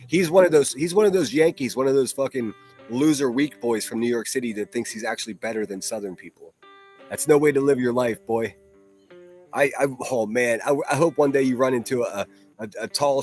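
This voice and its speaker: A man's voice: medium pitch, a little mellow. A man hosting a solo livestream, ranting in a profane, mocking and combative way. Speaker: livestream host.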